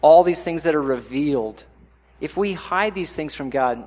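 A young adult man preaching a sermon in a conversational way, often acting out inner voices in sudden louder bursts. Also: fairly high pitch, expressive, moderate pace. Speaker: pastor.

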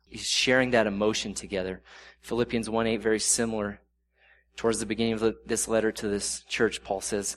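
Earnest preacher man, low voice. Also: steady tone, a bit bright. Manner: earnest, conversational, reads scripture slowly. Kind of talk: sermon.

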